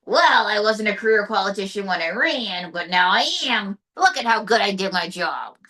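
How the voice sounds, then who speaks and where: A woman doing an impression of a blustering, boastful male president, delivered slow and deadpan. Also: medium pitch, far from the mic. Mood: smug.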